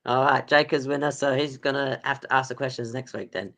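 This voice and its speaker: A man's voice: medium pitch, fairly even intonation, brisk, vocal fry, fairly bright tone. A man hosting a casual sports podcast quiz, rambling with lots of ums and laughs. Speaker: podcast host running a quiz. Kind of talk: casual chat.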